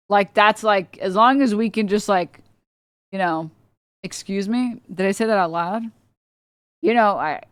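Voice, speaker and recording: A woman streamer rants in loose, casual commentary, swearing freely and dripping with sarcasm. She rambles and circles back with plenty of filler words. Her voice sits at a middling pitch and sounds dry and close, with no room around it. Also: no echo. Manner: blunt, profane and sarcastic; rambling with many filler likes.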